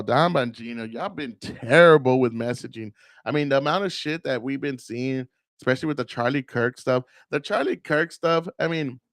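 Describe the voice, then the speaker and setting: A man's voice: fairly high pitch, no echo, clean studio sound. A man hosting a casual political rant, profane and rambling, often mocking the people he talks about. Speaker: political commentary host.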